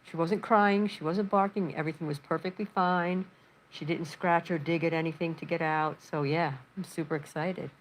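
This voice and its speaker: A woman's voice: sits low, steady tone, moderate pace, slight background noise, poor audio. A woman hosting a casual livestream from her living room, chatting in a rambling, storytelling way and reading out chat messages. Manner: reads chat messages aloud. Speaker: livestream host.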